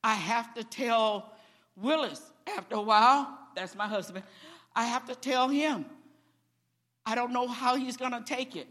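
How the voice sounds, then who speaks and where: An older woman preaching a testimony, telling her story dramatically and building to emphatic, shouted declarations. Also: on the high side, unhurried. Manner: dramatic storytelling, acting out each person in turn. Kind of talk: sermon testimony.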